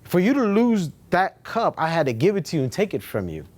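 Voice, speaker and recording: Animated man telling his own story. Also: sits high, a little fast. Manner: animated, swears casually, repeats himself for emphasis. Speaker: real estate agent sharing his story. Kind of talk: casual storytelling talk at a meetup.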